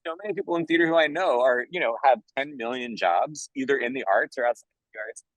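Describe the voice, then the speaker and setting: An earnest, animated man answers interview questions in a loose, chatty way. He keeps dropping in "like" and "you know". The sound is dry, with little room around his voice. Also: medium pitch, fast talker, no echo, low-quality recording. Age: adult, working in theater for years. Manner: enthusiastic, earnest. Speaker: musical theater composer, interview guest.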